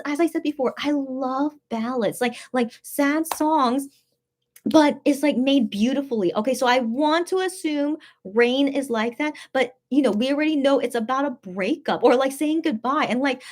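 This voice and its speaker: Excitable higher-voiced young woman. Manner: excitable, swings between loud outbursts and soft mutters. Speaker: livestream host reading viewer chat. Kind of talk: casual live-stream chat.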